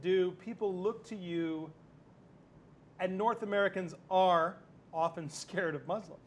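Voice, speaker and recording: A man with a fairly high voice hosts a relaxed panel chat and teases his guests with jokes between questions. A faint low rumble sits under the recording. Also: a little slow. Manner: playful, joking questioner. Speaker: talk show host. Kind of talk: casual panel interview.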